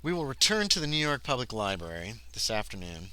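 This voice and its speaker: Man, very bright sharp tone, animated pitch, reads game text then chats offhand. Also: fairly quick, clear, resonant tone. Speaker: solo game player, streamer. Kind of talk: livestream of a solo tabletop game.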